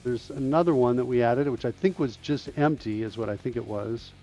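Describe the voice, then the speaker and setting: A man's voice: medium pitch, a little fast, warm tone, faint music behind. A middle-aged man hosting a live-coding stream, thinking aloud and questioning himself as he steps through code. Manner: muttering, self-questioning walkthrough of code. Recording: dull, slightly lo-fi dry mic sound.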